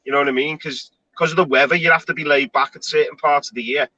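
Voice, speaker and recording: A man's voice: on the high side, fairly even intonation, fast talker, sharp tone, no room sound, highs cut off. A man hosting a casual online panel chat, talking in a chatty, rambling way with frequent restarts. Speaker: show host.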